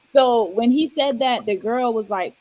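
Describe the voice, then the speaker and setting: A woman co-hosting a podcast, telling a story in relaxed, chatty casual talk. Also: on the high side, measured pace, low-quality recording. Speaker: podcast co-host. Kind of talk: casual chat.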